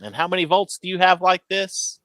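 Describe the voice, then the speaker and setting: Bright-voiced man chatting about a show. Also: high-pitched, expressive, fairly quick, no echo. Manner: chatty, rambling, laughs often. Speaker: podcast co-host. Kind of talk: casual fan review chat.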